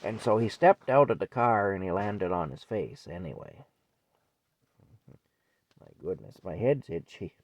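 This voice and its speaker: A man's voice: low-pitched, expressive, a little slow, long pauses, no echo. An older man telling a childhood story in a rambling, folksy way. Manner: rambling, folksy, repeats himself. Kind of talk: casual spoken memoir.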